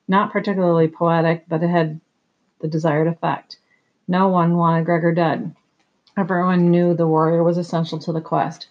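A steady, measured audiobook narrator with a gravelly voice at a middling pitch. The sound is slightly dull and muffled, like a modest home recording.

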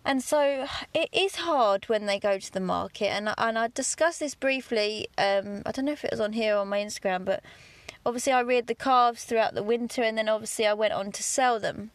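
A woman from England hosting a podcast, talking candidly about her farm work in a chatty, down-to-earth way with lively asides. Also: a little high, brisk, dry recording. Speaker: podcast host, farmer. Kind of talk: casual monologue.

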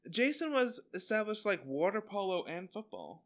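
A man's voice: high voice, sing-song, normal speed, a bit bright. A man hosting a podcast in casual chat, rambling and joking as he recaps a TV episode. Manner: rambling, joking, paraphrases scenes. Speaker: podcast host.

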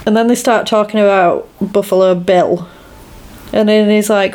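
A woman's voice: mid-range voice, fairly even intonation, normal speed, darkish tone. A woman in casual podcast chat, recapping a film scene by scene, laughing often and quoting lines in put-on voices. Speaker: podcast co-host.

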